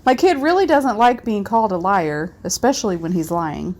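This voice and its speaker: Wry mom reading funny tweets. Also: female voice, medium pitch, expressive, normal speed, a little mellow. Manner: wry, laughs at her own jokes. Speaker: podcast co-host. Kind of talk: casual chat.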